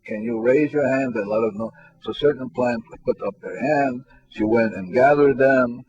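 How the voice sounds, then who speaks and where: Soft-spoken man telling simple stories. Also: medium pitch, moderate pace. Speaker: spiritual teacher interviewed as guest. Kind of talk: relaxed conversational storytelling. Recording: dull lo-fi recording with faint music.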